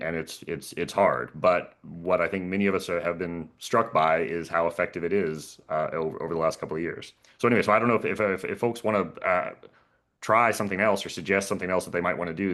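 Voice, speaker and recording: A man on a video call panel explaining a tool in a casual, halting way, often repeating words and chuckling. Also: low-pitched, fairly bright tone. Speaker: panelist and professor.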